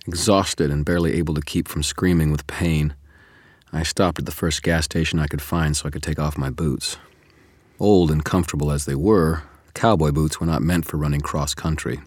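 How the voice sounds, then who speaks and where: A man with an extremely low, booming voice reads a first-person audiobook chapter. His delivery is measured and steady, recorded close and dry with no room sound. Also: no room sound. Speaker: audiobook narrator.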